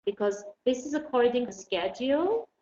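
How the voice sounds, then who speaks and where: A woman teaching an online English lesson. She explains patiently and slowly, with many fillers. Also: a little high, sing-song, mellow. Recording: dull roomy recording, faint noise.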